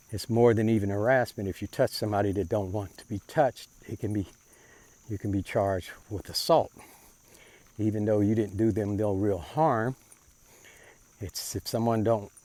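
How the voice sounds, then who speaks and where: A man with a fairly low voice delivers a preacher-like monologue on faith and social issues. He speaks plainly with informal grammar, taking his time and circling back to rephrase his points. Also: darkish tone. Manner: unhurried, repeats and rephrases himself. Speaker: self-described prophet giving commentary.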